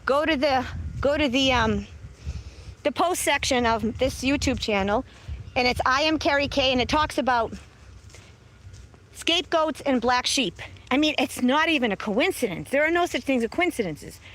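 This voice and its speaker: Brash high-voiced woman livestreaming. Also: expressive, normal speed, a bit bright. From south of Boston, USA. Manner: brash, mocking, laughs often, swears. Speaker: livestream host. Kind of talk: casual livestream chat. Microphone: phone camera.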